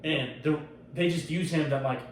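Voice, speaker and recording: Profane, excitable man recorded off-mic in a roomy space. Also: on the high side, normal speed, recorded from a distance, slight background noise. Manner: loose, profane, animated retelling. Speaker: podcast host. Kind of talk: casual chat. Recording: roomy echo, off-mic, faint ambience.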